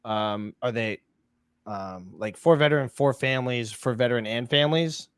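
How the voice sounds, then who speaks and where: A man's voice: medium pitch, normal speed, a bit bright, clean tone, dry recording, studio quality. A man co-hosting a podcast, asking questions with playful joking asides. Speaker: podcast co-host. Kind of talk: casual podcast chat.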